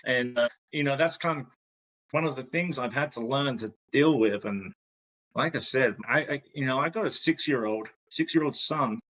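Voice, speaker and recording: A man with a bright, forward voice talks through a podcast chat in a halting, self-deprecating way. He stops and restarts often. The sound is a little muffled and lo-fi. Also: mid-range voice. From England. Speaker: guest.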